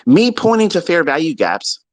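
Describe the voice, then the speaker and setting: A man's voice: on the high side, sing-song, normal speed, no room sound. A man who is a trading mentor, delivering a blunt, exasperated rant to his students with heavy swearing. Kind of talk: profane ranting lecture to students. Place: live audio chat room.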